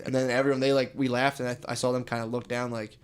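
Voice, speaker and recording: Flat and fast, this young male podcast co-host has a mid-range voice with a clean tone. His casual comedy chat is full of meandering, profane stories, and "dude" comes up constantly.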